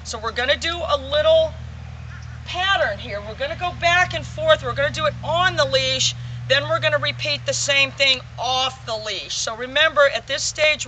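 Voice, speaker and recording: High, bright-voiced male dog trainer. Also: slight background noise. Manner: talks straight to viewers, repeats reminders. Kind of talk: casual training instruction to camera. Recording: voice somewhat far from the mic.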